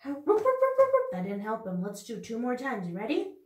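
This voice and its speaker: A woman teaching young children in a video lesson, talking slowly and encouragingly in a sing-song way. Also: fairly high pitch, wildly swooping pitch, darkish tone, distant mic. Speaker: preschool teacher. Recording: echoey room, off-mic.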